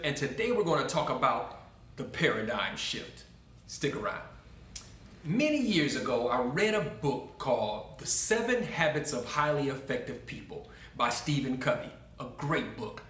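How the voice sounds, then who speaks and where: A man's voice: on the high side, a bit bright. A man hosting a talk about faith, telling a story earnestly and in a preaching tone, with some restarts. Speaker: host. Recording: echoey room.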